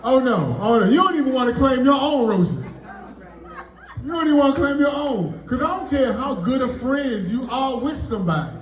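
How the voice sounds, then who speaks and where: A man performing stand-up comedy. He has a very high voice, throws out loud, animated punchlines and bantering with the audience. The sound carries an echo from a room at a live party. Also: moderate pace, a faint crowd. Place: party venue, indoors.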